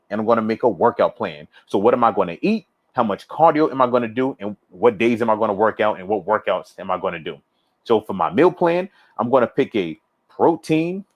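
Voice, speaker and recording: A man hosting a fitness livestream, chatting casually and reading viewer comments aloud, relaxed and rambling, repeating himself and laughing often. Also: lowish voice. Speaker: fitness coach livestream host.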